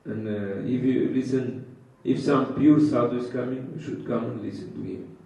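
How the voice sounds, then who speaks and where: Man teaching a scripture class, halting broken english, lots of uh's, warm low voice, far off mic in a really echoey room. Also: steady tone. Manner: halting, frequent uh pauses, simple broken English. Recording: echoey, dull, distant hall sound.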